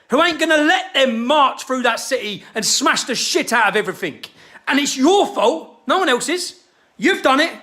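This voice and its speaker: Furious high-pitched man ranting. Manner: furious, shouting, heavy swearing. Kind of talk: angry monologue to camera.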